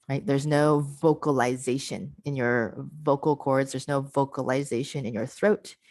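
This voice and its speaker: A woman's voice: very deep voice, darkish tone, no room sound, low-quality recording. A woman presenting an online pronunciation workshop over a video call, patiently modelling and repeating example words and encouraging participants.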